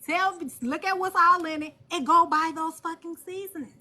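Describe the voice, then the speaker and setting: A woman hosting a live stream and talking on her phone, blunt and animated, cursing freely. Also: very high-pitched, normal speed. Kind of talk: casual live stream chat.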